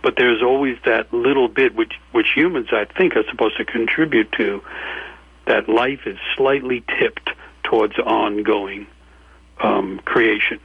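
A man from New York, speaking as an author and guest in a measured, mythic storytelling tone. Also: medium pitch, creaky, husky, dry recording. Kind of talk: reflective interview talk. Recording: tinny phone-line audio.

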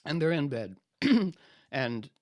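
A man telling an old legend in casual, animated talk that is full of restarts. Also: fairly high pitch, takes it slowly, dry recording, studio quality. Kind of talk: casual chat and storytelling.

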